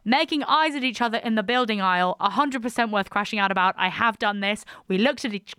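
A woman's voice: mid-range voice, a little fast, sharp tone, clean tone, no room sound, studio quality. A young woman hosting a radio show, chatting casually and self-mockingly and laughing often. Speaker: radio host. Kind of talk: casual on-air chat.

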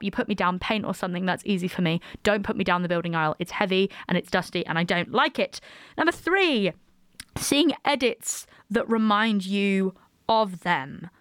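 A woman's voice: mid-range voice, a little fast, fairly bright tone, clean tone, no echo, studio quality. A young woman hosting a radio show, chatting casually and self-mockingly and laughing often. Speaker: radio host. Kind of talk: casual on-air chat.

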